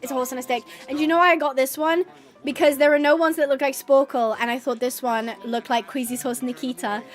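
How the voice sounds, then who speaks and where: A bubbly woman in her twenties streams a game and chats with friends. Her voice sits high and light, and she gushes with lots of filler words and quick laughs. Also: steady tone, faint music behind. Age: 20s. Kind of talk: casual chat while gaming.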